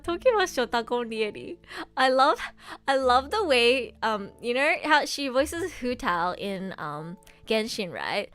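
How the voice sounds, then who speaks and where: Young woman chatting on stream, excitable fan gushing, kinda high voice, laughs a lot. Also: unhurried. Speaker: voice actress and streamer. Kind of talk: casual chat stream.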